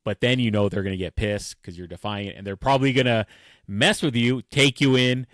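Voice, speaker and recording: A podcast co-host chats casually at a brisk pace, his medium-pitched voice a bit bright with fairly even intonation and no echo. He tells stories animatedly, acts out quoted lines, and laughs often.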